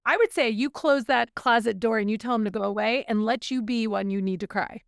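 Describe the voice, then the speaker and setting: A woman co-hosts a podcast, speaking candidly, reflectively, and with open emotion in a casual chat. Her voice is fairly high, brisk, and creaky, recorded clean in a studio with no room sound.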